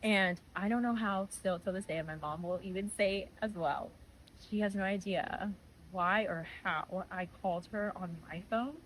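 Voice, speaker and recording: A woman's voice: mid-range voice, moderate pace, slight background noise, poor audio. A young woman giving a personal faith testimony in a conversational, earnest way. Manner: earnest, animated retelling with voiced quotes.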